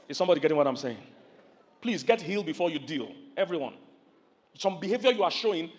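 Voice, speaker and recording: Nigerian pastor preaching with a high voice. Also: male voice. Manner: animated storytelling, calls questions to the audience, acts out loud yelling voices. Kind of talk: sermon.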